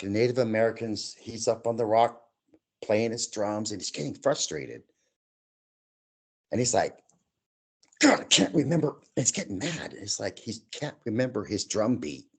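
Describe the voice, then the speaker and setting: A man telling his own eerie outdoor experiences to an interviewer, in an animated way that acts out the other people in the story. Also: fairly low pitch, normal speed. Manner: animated, acts out quoted voices. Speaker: guest storyteller. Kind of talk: telling personal paranormal stories.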